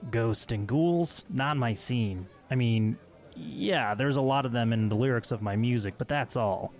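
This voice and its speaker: A man's voice: medium pitch, measured pace, faint music behind, close to an everyday voice. A man voicing a skeptical young male rock musician who drawls an offhand dismissal. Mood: dismissive.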